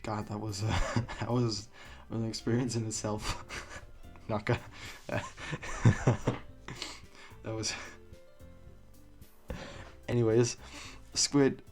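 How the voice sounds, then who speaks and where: A man's voice: lowish voice, little pitch movement, drawn-out words, pauses often, a little mellow, faint music behind. A young man giving rambling, casual commentary on a game he is playing, swearing freely and laughing at his own jokes. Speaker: let's play gamer.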